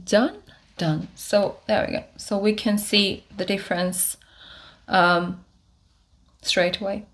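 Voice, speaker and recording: A woman talks viewers through her makeup routine at a slow, unhurried pace. Her voice sits in an ordinary middle pitch, and she pauses, restarts and fills gaps with small hesitations as she works. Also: fairly even intonation, fairly bright tone. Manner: unhurried, many fillers and restarts while demonstrating. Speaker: beauty vlogger. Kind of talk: casual makeup tutorial.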